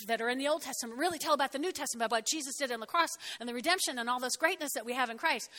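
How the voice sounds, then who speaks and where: High, bright-voiced woman preaching. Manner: animated, laughing, swings loud to soft. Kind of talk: lively sermon.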